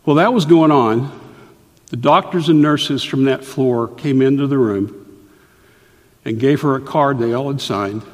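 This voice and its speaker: A middle-aged male pastor delivering a sermon in an earnest, deliberate way, often stopping to explain a point. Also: mid-range voice. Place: church sanctuary. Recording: reverberant church hall.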